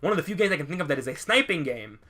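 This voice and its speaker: Man, let's play co-host, rapid, bright-toned, rambling, swears a lot, animated storyteller. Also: a little high. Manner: animated, acts out voices in anecdotes. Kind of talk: casual gameplay commentary.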